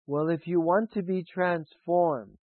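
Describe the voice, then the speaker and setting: Male preacher, sermon, slow measured delivery, long pauses, tinny phone-like sound. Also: fairly high pitch, steady tone, no room sound. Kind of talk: sermon with spoken affirmations. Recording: dry, phone-like narrow sound.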